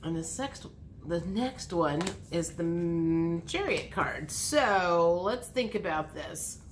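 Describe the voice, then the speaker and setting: A woman's voice: takes it slowly, a little hiss or hum. A woman reading tarot cards for her channel, thinking aloud as she turns each card and acting out imagined dialogue. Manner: lively, acts out dialogue with big pitch jumps. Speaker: tarot reader.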